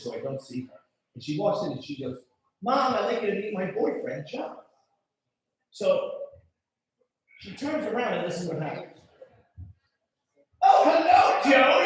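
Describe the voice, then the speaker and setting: A man doing a stand-up set, telling stories loudly with shouted punchlines and mimicked voices. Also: fairly high pitch. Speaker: stand-up comedian. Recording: echoey, distant live recording.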